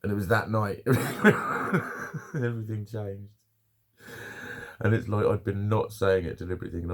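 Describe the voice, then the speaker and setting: A man's voice: on the low side, measured pace, pauses often. A middle-aged man, chatting casually to camera at home, swearing freely and laughing at his own stories. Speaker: vlogger.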